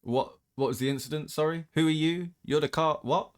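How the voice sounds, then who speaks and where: A man's voice: fairly high pitch, brisk, hardly any pauses. A man giving blunt, opinionated casual commentary as he reacts to racing clips, often ranting.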